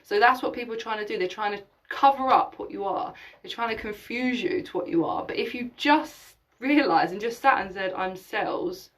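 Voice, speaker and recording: A woman's voice: mid-range voice, moderate pace, hardly any pauses, recorded from a distance, rough recording. A woman hosting a live spiritual session, talking emphatically, swearing casually and acting out imagined conversations. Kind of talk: live-streamed spiritual talk.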